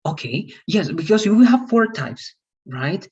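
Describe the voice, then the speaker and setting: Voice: medium pitch, lively intonation, unhurried, a little mellow, husky. An English teacher giving an online grammar lesson, explaining step by step and often checking if students follow. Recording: distant, dull online class audio.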